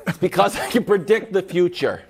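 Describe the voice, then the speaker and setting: A man co-hosting a football show, his high voice swinging widely as he hypes his picks. He jokes at his own expense and makes picks in a playful tone. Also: animated, fairly quick, husky. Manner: playful, self-mocking hype. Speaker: sports show co-host. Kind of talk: bantering football picks talk.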